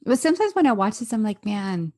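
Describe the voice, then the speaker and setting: Chatty, animated woman co-host. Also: a little high, racing. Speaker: podcast co-host. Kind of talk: casual chat recapping a reality show.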